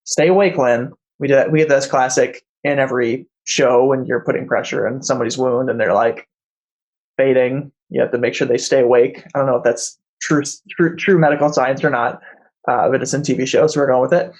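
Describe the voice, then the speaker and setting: Male game master; halting, filler-heavy narration. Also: mid-range voice, fairly even intonation, low-quality recording. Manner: hesitant, full of fillers.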